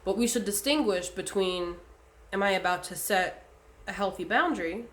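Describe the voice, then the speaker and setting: Spiritual vlogger talking straight at you, cussing a lot, mid-pitched voice, loose chatty flow. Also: normal speed, fairly bright tone. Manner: conversational and blunt, with frequent swearing and fillers. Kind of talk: casual spiritual advice monologue.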